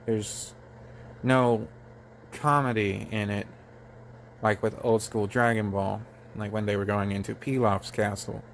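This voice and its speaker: A man hosting his own channel, reviewing a comic chapter in a halting, casual way, full of fillers and restarts. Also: fairly low pitch, level tone, vocal fry, a little hiss or hum. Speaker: channel host. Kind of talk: casual manga review talk.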